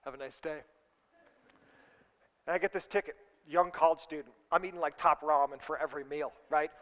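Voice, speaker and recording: A middle-aged male pastor preaching a sermon, telling a lively story and acting out his own past voice. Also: on the high side, fast, muffled recording. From California. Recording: long hall reverb.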